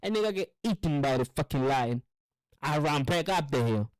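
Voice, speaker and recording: Male host, loose profane monologue, lively swooping pitch, dry close sound. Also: moderate pace, dry recording, rough recording. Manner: rambling, profane, philosophical; acts out quotes in animated voices. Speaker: show host. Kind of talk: casual monologue.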